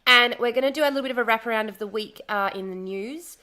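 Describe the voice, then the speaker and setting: An Australian woman chatting casually on a live stream, slightly hoarse from a lost voice, repeating herself as she greets viewers. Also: on the high side, fast talker, bright, forceful tone.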